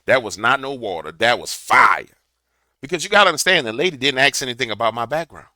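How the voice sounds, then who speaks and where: A man's voice: medium pitch, sing-song, racing, sharp tone, no room sound. A man giving a preachy political commentary to a camera, telling a fiery story. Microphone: camera mic.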